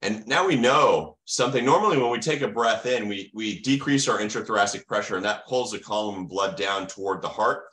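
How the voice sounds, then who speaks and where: A man's voice: fairly low pitch, animated, a little fast, hardly any pauses, a bit bright. A middle-aged American man giving an online medical lecture, asking the audience questions and answering them himself with teacherly enthusiasm. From United States.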